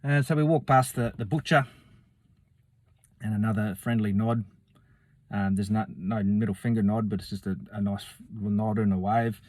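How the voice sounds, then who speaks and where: A man spins a loose, rambling story in a low voice, swearing casually and slipping into the voices of the people in it. The recording is dry and close, with no room sound. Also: steady tone, normal speed, a little mellow, no echo.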